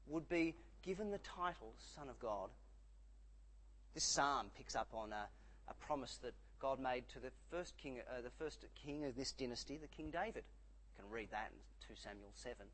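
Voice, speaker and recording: A man preaching a sermon, emphatic, dropping low and rising again for effect. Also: lively intonation, normal speed, fairly bright tone, low-quality recording.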